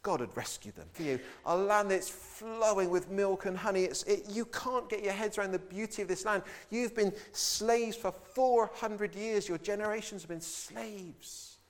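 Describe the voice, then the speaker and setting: A man's voice: high voice, moderate pace, few pauses. A man preaching a sermon with emphatic delivery, acting out the voices of biblical figures in the quotes.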